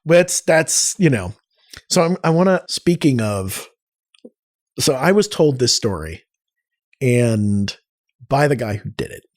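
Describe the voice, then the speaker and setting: Brief: male guest, mid-pitched, chatty and animated storyteller who acts out quotes. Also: slow pace, long pauses. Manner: animated storyteller, frequent restarts and acted-out quotes. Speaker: podcast guest, arts nonprofit cofounder. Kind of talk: casual conversational storytelling.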